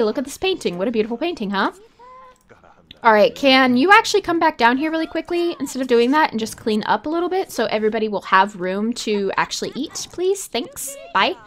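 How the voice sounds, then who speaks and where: A woman talks through her game in a loose, chatty way, giggling and poking fun at her own choices. Her voice sits a little on the high side. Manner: chatty, giggly, self-mocking. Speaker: gaming video host. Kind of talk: casual let's-play commentary.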